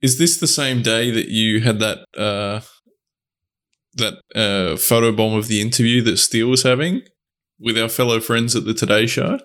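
Male co-host; easygoing, teasing banter, quick to laugh. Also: lowish voice, a bit bright. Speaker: podcast co-host. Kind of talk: casual chat.

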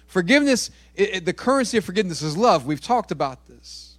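Playful preaching man, fairly high voice. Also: big pitch swings, fast, dry recording. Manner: playful, joking with the congregation; repeats key phrases for emphasis. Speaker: pastor. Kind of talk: sermon. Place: church.

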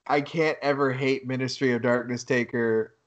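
Animated, swearing male podcast co-host. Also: mid-range voice, normal speed, muffled recording. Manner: animated storytelling, heavy swearing, bursts of laughter. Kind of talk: casual podcast chat.

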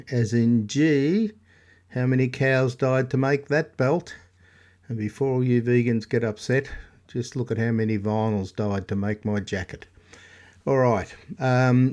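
A man's voice: mid-range voice, darkish tone. Man hosting a radio music show. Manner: joking asides, hesitant fillers. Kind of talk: casual radio presenting.

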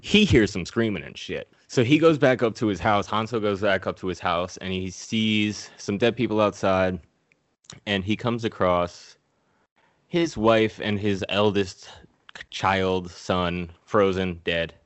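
Male host, low voice, dry close sound; crude comic movie recap, jumps into silly character voices. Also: measured pace, no room sound. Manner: profane, acts out characters in goofy voices. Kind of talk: casual comedic movie recap.

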